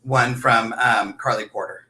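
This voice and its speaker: A man's voice: medium pitch, steady tone, unhurried, pushed and bright. A man hosting a casual livestream chat, animatedly telling stories, acting out quotes and laughing often. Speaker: host. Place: room in a house. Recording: echoey room.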